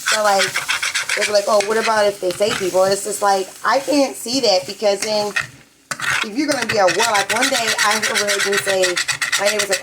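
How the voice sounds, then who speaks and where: A woman's voice: medium pitch, brisk, heavy background noise. A woman on a live stream, ranting in a rambling, profane, agitated way from her apartment. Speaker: livestreamer.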